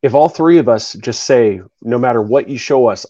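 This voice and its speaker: A man's voice: medium pitch, moderate pace, dark tone, muffled recording. A man hosting a podcast, talking in a rambling way that keeps restarting. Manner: rambling, restarts and repeats himself. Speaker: podcast host. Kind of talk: casual chat.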